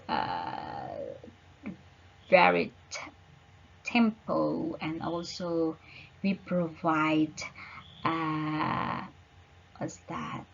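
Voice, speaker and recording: A woman teaching an online lecture, slowly searching for words with frequent fillers. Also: fairly low pitch, husky, dull audio.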